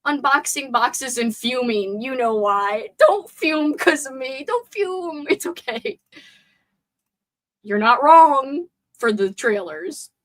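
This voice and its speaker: A young woman hangs out on a livestream, chatting loosely and reading her viewers' comments aloud as she goes. Her voice sits a little high, and she keeps a playful, rambling tone. She is talking from a room at home. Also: expressive, takes it slowly. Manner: chatty, playful, reads and answers chat aloud. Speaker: livestream host. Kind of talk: casual live chat with viewers.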